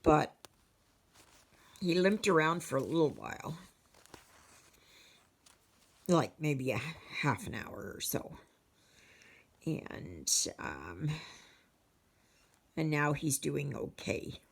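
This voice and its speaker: A woman's voice: sits low, big pitch swings, slow, gravelly, pauses often, breathy edge. A Canadian woman chatting casually to her viewers as a cross-stitch vlogger, rambling and storytelling with many fillers.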